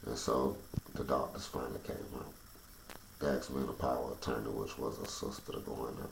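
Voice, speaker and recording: A man's voice: a bass voice, little pitch movement, brisk, vocal fry. A man in telling a painful personal story as emotional testimony, his delivery intense and building to agitated outbursts. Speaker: storyteller recounting personal experience. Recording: echoey room with faint background noise.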